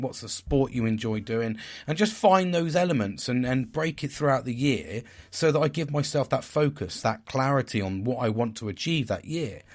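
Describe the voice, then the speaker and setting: A man in his forties talks candidly as a podcast host. His delivery is frank and rambling, with plenty of swearing. His voice sits in an ordinary middle pitch. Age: 40s. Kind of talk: candid personal talk.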